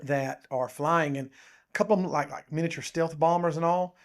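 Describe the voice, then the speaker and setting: A man co-hosting a podcast, talking in a casual, animated and rambling way. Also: a little high, moderate pace. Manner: animated, rambling, says "dude" and "um" often. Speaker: podcast co-host. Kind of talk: casual chat.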